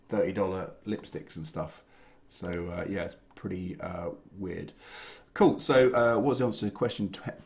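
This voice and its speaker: Deep-voiced man hosting a quiz. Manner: relaxed, chatty, many "uh" fillers. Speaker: quiz host. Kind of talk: casual live online quiz hosting. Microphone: home computer mic on a video stream.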